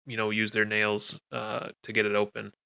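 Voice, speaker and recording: Game master, male, crisp bright tone, casual scene narration. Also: lowish voice, completely flat delivery, moderate pace. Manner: casual, descriptive, with fillers.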